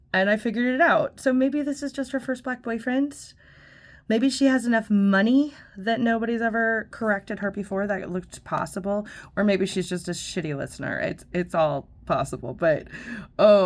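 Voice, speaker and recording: A middle-aged woman host telling a story in a casual, profane, chatty way, full of fillers and laughs. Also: medium pitch. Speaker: vlogger host.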